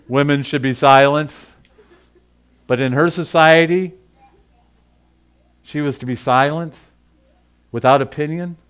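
A man pastor delivering a sermon with passion, dropping to a hush and then rising to loud emphasis. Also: fairly high pitch, clear, resonant tone. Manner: impassioned, swings from hushed to loud.

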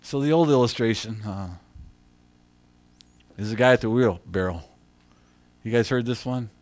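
A man preaching a sermon as a story, chatty and repetitive, breaking into loud acted shouts. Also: medium pitch, moderate pace. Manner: animated storyteller who shouts quoted lines; conversational, repeats himself.

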